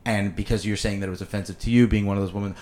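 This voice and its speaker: Fast-talking animated Canadian-raised man. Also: fairly low pitch. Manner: animated, swearing storyteller acting out dialogue. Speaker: podcast host. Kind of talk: casual podcast storytelling.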